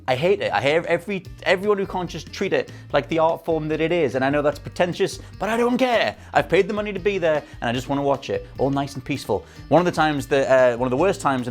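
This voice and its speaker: A man ranting with exasperated, emphatic repetition about bad cinema audiences, speaking to camera as a film pundit. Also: mid-range voice.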